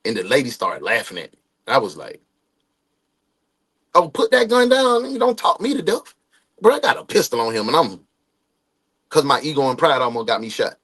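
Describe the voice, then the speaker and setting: A man's voice: on the high side, a bit bright. A man in his forties hosting a casual livestream, greeting viewers by name and giving loose, slangy motivational talk. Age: 40s. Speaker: livestream host.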